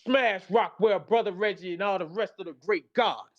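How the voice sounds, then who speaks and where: A man's voice: high-pitched, normal speed. Man, tired, casual slide presentation, slangy, talks back to what he reads, muffled lo-fi audio.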